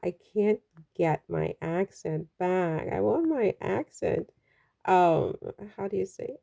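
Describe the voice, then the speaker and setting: A woman's voice: on the low side, animated, takes it slowly, gravelly, mellow. A woman from the Caribbean giving casual, chatty and rambling commentary on a vlog, with frequent exclamations. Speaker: royal news vlogger.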